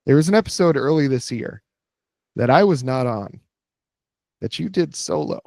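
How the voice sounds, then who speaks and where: Wry teasing podcast co-host. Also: male voice, medium pitch, animated, moderate pace, creaky, a little mellow, no echo, studio quality. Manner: wry, teasing, laughs easily. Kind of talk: casual chat.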